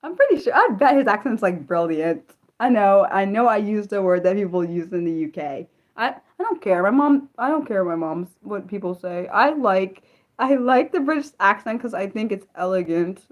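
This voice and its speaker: A woman hosting an unscripted livestream, rambling with lots of fillers and sudden jumps in pitch. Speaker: livestream host.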